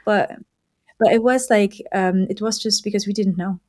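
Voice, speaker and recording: A woman hosts a podcast in casual conversation. She speaks reflectively, often pausing with fillers as she searches for the right words. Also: medium pitch, steady tone, background noise. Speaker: podcast host.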